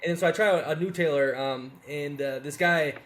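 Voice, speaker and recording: A man's voice: on the high side, fairly bright tone. A man in his forties, talking bluntly and with plenty of profanity, telling stories in a casual podcast conversation. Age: 40s. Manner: fast, blunt, profane storytelling.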